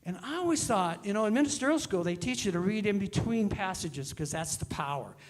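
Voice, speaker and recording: A middle-aged male minister giving a conversational, animated sermon in a church. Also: high-pitched, brisk. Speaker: guest minister. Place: church sanctuary.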